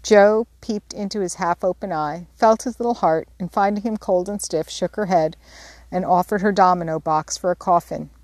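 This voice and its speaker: A woman's voice: on the low side, no room sound. Woman reading a classic novel, dry. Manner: steady, measured storytelling. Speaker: audiobook reader. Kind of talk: scripted narration.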